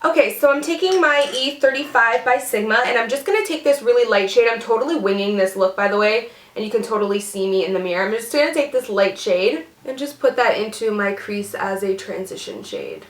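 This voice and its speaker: Bubbly young woman rambling through her makeup, kinda high voice. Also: lively intonation, a little fast, few pauses, reverberant. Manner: chatty, bubbly, heavy use of "like" and "seriously". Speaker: beauty vlogger. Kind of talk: casual get-ready chat.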